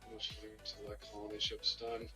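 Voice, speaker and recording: A man's voice: on the low side, monotone, fairly quick, over music, low-quality recording. A man chatting casually over voice chat while playing a strategy game, explaining its mechanics in a laid-back way. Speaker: experienced player explaining the game.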